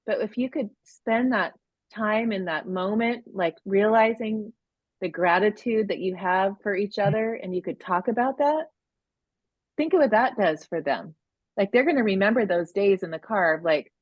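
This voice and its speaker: A woman in her forties co-hosts a live parenting course on a video call, speaking emotionally and casually in a heartfelt, rambling way with many restarts. Her voice is medium-pitched at normal speed with no echo, and the recording sounds dull and lo-fi.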